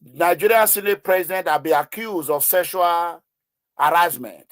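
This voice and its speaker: A man delivers heated online news commentary in an impassioned, pleading voice. He fills his speech with hesitations and repeats himself for emphasis. His fairly high voice is recorded close and dry. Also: moderate pace, fairly bright tone, dry recording. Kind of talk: emotional video commentary.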